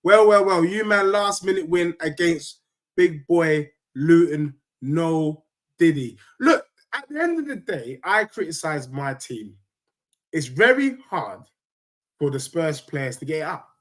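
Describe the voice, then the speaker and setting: A man chatting live to viewers after a football match, in animated, slangy banter. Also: a little high, a little slow. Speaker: football fan streamer. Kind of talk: live stream chat reacting to a match.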